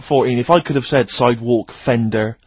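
Quick, teasing man hosting. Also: medium pitch, darkish tone, husky, no echo, lo-fi sound. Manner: teasing, mocking banter. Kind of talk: casual chat.

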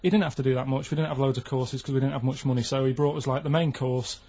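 A man, chatting casually and telling plain, flat anecdotes as a sidekick on a talk show. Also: medium pitch, fast talker, breathy edge, highs cut off. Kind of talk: casual chat.

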